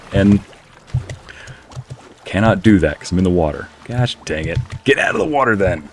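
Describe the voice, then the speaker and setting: A man's voice: low-pitched, lively intonation, moderate pace, pauses often, slight background noise. A man streaming a game, telling a long rambling story with frequent laughs while muttering at the game. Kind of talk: casual chat while playing a game.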